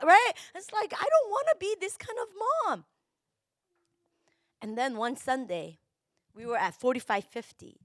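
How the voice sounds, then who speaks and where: Middle-aged woman, pastor, sermon, very high bright voice, dry close sound. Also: no echo. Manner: emotional and animated, shouting at peaks, confessional.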